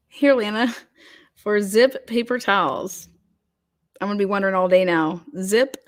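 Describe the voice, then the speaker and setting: A woman's voice: mid-range voice, fairly even intonation, unhurried. Rambling woman hosting a live chat. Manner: rambling, many fillers and restarts. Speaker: host. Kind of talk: casual livestream chat.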